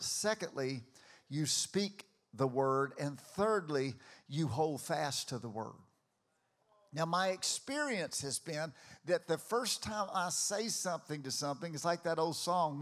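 An older man preaching a sermon to a congregation in a church, emphatic and at times shouting to rally the crowd. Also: fairly high pitch. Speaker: pastor. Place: church auditorium before a congregation.

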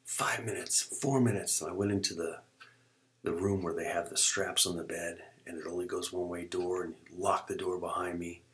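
Deep-voiced middle-aged man telling his story. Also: flat delivery, brisk, fairly bright tone. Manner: dramatic, acts out the dialogue and often drops to a whisper. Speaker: storyteller recounting his life. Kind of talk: personal testimony.

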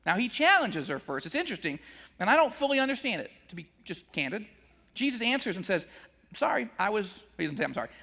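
A gravelly male voice fills a big-sounding room as he gives a conversational sermon teaching scripture. Animated, he chuckles between points and voices the disciples' complaints with a leap upward in pitch.

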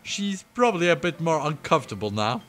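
A man streaming himself reading a visual novel aloud, breaking off into giggly, excitable asides. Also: a little high, fairly quick. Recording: faint game music behind.

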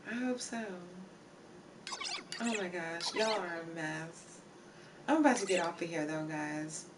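A woman's voice: on the low side, expressive, normal speed. A woman live streamer chatting casually with her viewers, laughing and teasing, repeating herself often. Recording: distant mic with clear background noise.

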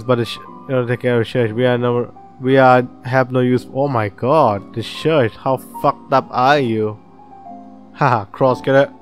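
A man's voice: medium pitch, steady tone, a little slow, faint music behind. A man hosting a casual let's-play, reading the game's text aloud and reacting with laughs and swearing. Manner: chatty, swearing, reads game text aloud, laughs often. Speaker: gaming channel host.

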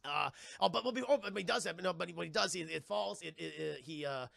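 Young man streamer, swears a lot, fast movie recap, high voice, dry close room. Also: vocal fry, no room sound. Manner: excitable, swearing, addresses chat often. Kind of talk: casual movie recap to a live chat.

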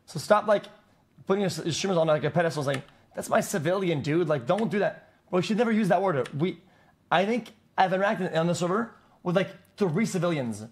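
A male streamer ranting to his chat with a voice a touch higher than most men's. He is blunt and mocking, swears constantly and keeps stumbling over and restarting his words. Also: expressive, a little fast. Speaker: live streamer. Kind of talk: casual rant to chat.

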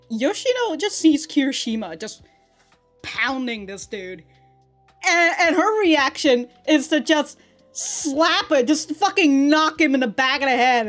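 A woman's voice: fairly high pitch, expressive, moderate pace, soft background music. A woman hosting an anime reaction, chatting casually, laughing often and swearing as she acts out the characters' lines. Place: in Japan.

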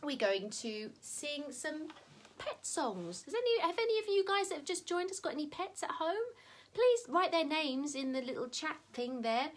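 A woman leading a live-streamed children's singalong, chatting warmly and cheering the kids on. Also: high-pitched, very animated, normal speed, a little hiss or hum. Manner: bubbly, encouraging, talks straight to young children. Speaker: children's music session leader. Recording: loud strummed guitar over the voice.

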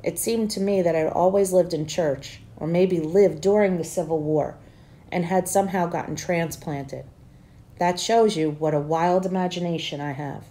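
A woman teacher reads a novel aloud to her students. Her voice sits a little low and sounds mellow and soft. The narration stays plain, and she lifts the dialogue a little when characters speak. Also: moderate pace. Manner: plain reading, voicing dialogue louder and higher.

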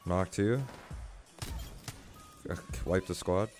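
A young man giving live commentary on his own gameplay as a streamer, excitable and swearing, swinging from low mutters to yelling. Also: slow pace, faint music behind.

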